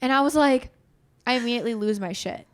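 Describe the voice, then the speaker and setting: Lively young woman telling a profane story. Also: fairly high pitch, quick pace. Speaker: podcast host. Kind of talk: casual podcast chat.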